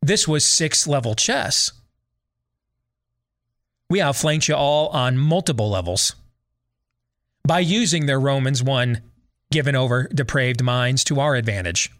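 A man's voice: medium pitch, expressive, unhurried, long pauses, fairly bright tone. A man hosting a podcast, giving sarcastic, opinionated commentary with mocking repetition. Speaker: podcast host.

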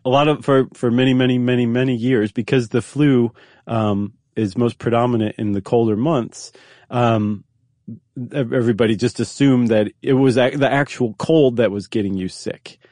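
A man's voice: mid-range voice, steady tone, moderate pace, a little mellow, no room sound, clean studio sound. Man explaining facts in casual chat. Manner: explains facts with many fillers and restarts, easily amused. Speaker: podcast host.

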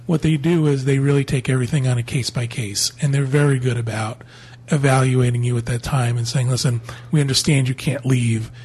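A man co-hosting a casual podcast, his voice deeply husky and raspy. He explains things plainly and practically, at a middle pitch. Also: steady tone, a little fast, a little mellow. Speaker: podcast co-host.

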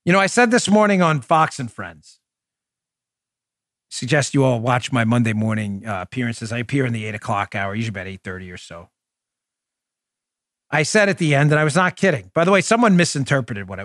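A man hosting a political talk podcast, speaking in an animated, emphatic way and repeating points for effect. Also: mid-range voice, no echo, clean studio sound. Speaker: podcast host.

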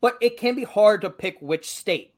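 A man's voice: high voice, expressive, moderate pace. A young man from Massachusetts with a light local accent, co-hosting a podcast in casual, joking chat and swearing freely. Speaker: podcast co-host.

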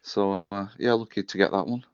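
A man's voice: on the low side, steady tone, brisk, clear, resonant tone, dry recording, dull audio. A man with a northern English accent, a rugby club general manager, chatting casually and modestly from his office. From England. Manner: laid-back, self-deprecating, says mate. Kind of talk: casual radio chat by phone.

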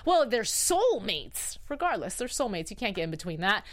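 Animated, chatty woman recapping a show. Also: medium pitch, normal speed. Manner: chatty and emphatic, reacting openly. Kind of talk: casual live recap chat.

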